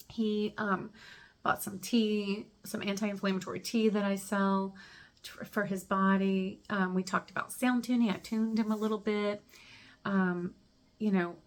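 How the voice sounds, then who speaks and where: A middle-aged woman hosting a spiritual channel, telling stories in a chatty, emphatic way and often checking in with her viewers. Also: medium pitch. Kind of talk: casual spiritual storytelling to viewers.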